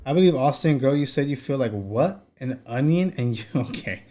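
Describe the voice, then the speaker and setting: Lively-voiced male streamer chatting casually. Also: mid-range voice, moderate pace, slight background noise. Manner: laid-back, chuckling asides to chat. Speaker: streamer reacting to clips. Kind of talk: casual live-stream chat.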